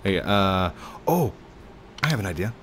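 A man hosts a casual gameplay session, keeping up a chatty, teasing commentary and laughing often. His voice sits low but swings widely and expressively. Steady background noise runs under the home gaming mic. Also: a little slow. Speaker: gaming video host.

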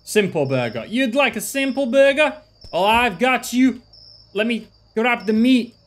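A man voicing an overeager male burger vendor who loudly hawks his food to customers. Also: lively intonation, measured pace. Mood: eager. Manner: loud sales pitch, hawking to customers.

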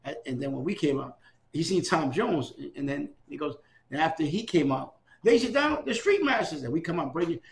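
A middle-aged man recounting his life in a casual oral history interview, animated and acting out the dialogue of people he quotes. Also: on the high side, normal speed, vocal fry.

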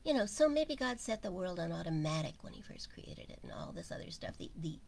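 A woman giving an informal spiritual talk, speaking slowly and musing aloud, often sinking to a near whisper. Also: lowish voice, very animated, creaky, darkish tone. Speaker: spiritual teacher.

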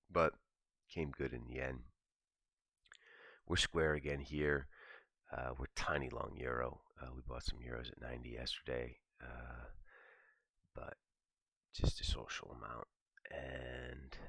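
Very deep gravelly man, market talk. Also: fairly bright tone, no room sound. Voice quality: gravelly, very low voice. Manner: casual, profane, thinking aloud. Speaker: trading commentator. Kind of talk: morning market commentary.

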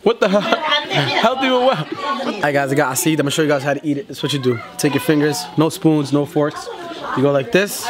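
A young man vlogging casually at a family party, joking and talking excitedly to the camera. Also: a little high, quick pace. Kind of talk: casual vlog chat. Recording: busy room with crowd noise. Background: crowd chatter.

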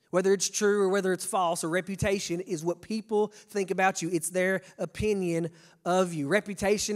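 A young pastor from Kentucky with a Kentucky accent, preaching a sermon in a folksy, animated way, talking straight to his congregation. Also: sits high.

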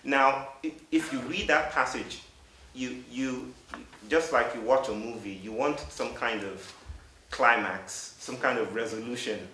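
A man in his thirties from Africa, giving an earnest, halting storytelling talk to a live audience. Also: mid-range voice, bright, forceful tone. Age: 30s. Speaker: public speaker. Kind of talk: storytelling lecture. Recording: roomy hall from a distant mic with faint hiss.

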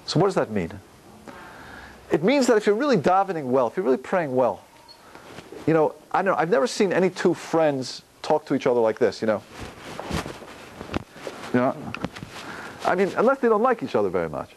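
A man, a rabbi, giving a Torah lecture on prayer, animated, posing questions and answering them himself. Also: fairly high pitch, brisk, pauses often, slight background noise, rough recording. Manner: animated, gestures while talking, asks and answers own questions.

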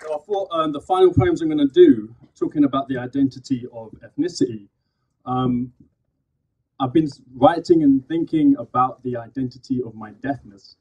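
A man from London performing spoken word poetry live on stage, with measured rhythmic delivery and casual asides between poems. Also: mid-range voice, a little mellow, breathy edge. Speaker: poet. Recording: dull, distant live recording.

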